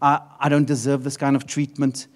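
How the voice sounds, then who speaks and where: A man's voice: medium pitch, monotone, normal speed, voice pushed down, close to an everyday voice. A male preacher voicing a resentful grown older brother who complains bitterly in a sermon retelling.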